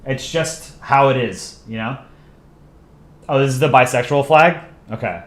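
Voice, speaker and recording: A man's voice: medium pitch, a little slow. Young American man, casual stream host, rambling, chatty, room echo. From United States. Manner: rambling, chatty, reads viewer comments aloud. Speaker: channel host on a livestream. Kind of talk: casual livestream chat.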